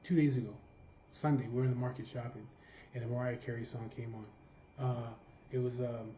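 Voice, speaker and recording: A man's voice: medium pitch, little pitch movement, brisk, mellow, slight background noise. Profane rambling storyteller man, roomy sound. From California. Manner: profane, rambling, laughing at his own story. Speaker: vlogger. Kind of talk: casual storytelling. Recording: roomy, slightly dull sound.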